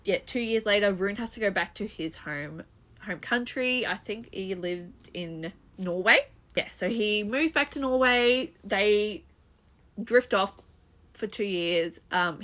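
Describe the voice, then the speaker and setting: A woman's voice: medium pitch, bright, forceful tone. A young woman chatting casually about books she read, rambling with restarts and little laughs. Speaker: booktuber. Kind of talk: casual book review chat.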